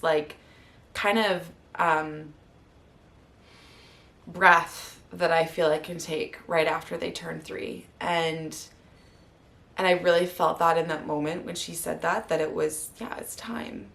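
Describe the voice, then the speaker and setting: A woman's voice: lowish voice, steady tone, measured pace, creaky, fairly bright tone. A woman in her thirties, a mother, telling her story in a heartfelt, rambling way with many fillers, close to tears at times. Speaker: vlogger and mother. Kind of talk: candid personal vlog.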